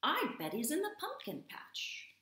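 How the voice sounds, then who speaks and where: A woman's voice: high-pitched, wildly swooping pitch, unhurried, bright, forceful tone, voice pushed up, exaggerated voice. A woman voicing a bossy storybook cat, speaking eagerly and insistently. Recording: echoey room.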